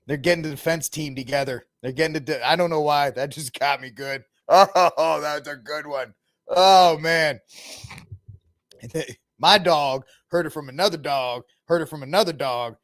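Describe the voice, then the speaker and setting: A sarcastic male podcast host who rants and mocks his subjects in loose, slangy commentary. His voice sits fairly high for a man, and he laughs often between jabs. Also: unhurried, a bit bright. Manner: sarcastic, mocking, ranting. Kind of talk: casual news commentary.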